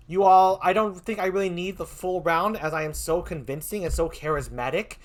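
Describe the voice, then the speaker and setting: A man hosting a livestream, doing playful improv game banter with a hammy, animated manner. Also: high voice, a little fast, hardly any pauses. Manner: animated, hammy, laughs often. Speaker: stream host.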